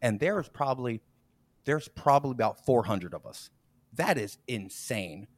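A podcast host relaxes into a rambling workplace story. He jumps between low mutters and high bursts of laughter, acting out the people he quotes. The mic is close and the room is dry. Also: a little slow, dry recording. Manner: animated, laughs often, acts out quoted people. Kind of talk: casual storytelling chat.

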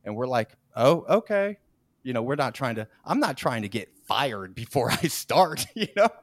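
Animated man telling a lively story. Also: medium pitch, moderate pace, dry recording. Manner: animated, laughs often, acts out quoted people. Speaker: podcast host. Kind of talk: casual storytelling chat.

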